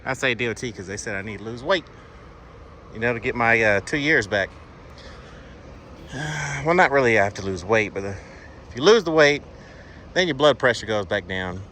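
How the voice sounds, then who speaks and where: A man's voice: medium pitch, lively intonation, normal speed, long pauses, pushed and bright, a little hiss or hum. A man, a truck driver vlogging casually about his day, plainspoken and rambling with sighs and fillers, talking into a handheld phone outdoors. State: out of breath. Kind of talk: casual vlog chat. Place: at a truck and around a loading yard outdoors.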